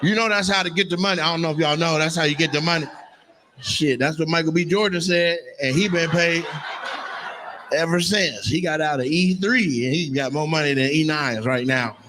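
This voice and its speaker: A man's voice: fairly high pitch, normal speed, pushed and bright. A man doing stand-up crowd work, teasing audience members in brash, profane banter on a live stage mic. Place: live comedy venue. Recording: noisy live venue sound.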